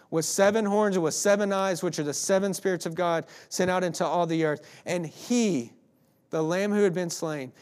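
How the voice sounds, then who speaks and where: A man's voice: high voice, a little mellow. A man pastor reading scripture aloud with emphasis in a sermon, closing in prayer.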